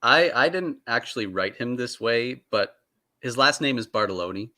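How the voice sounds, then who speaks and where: A man with a bright, forward voice talks keenly about his books. He chuckles often and stumbles over his first words as ideas pile up. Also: mid-range voice, animated, moderate pace. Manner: enthusiastic, chuckling, repeats words as he starts. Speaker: author guest. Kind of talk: casual video call interview.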